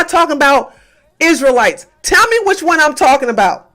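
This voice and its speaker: A woman's voice: sits high, very animated, moderate pace, a bit bright. A woman hosting a livestream, ranting at her chat in a combative, profane, taunting way and hammering the same questions over and over. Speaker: livestream host. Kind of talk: heated livestream rant to chat.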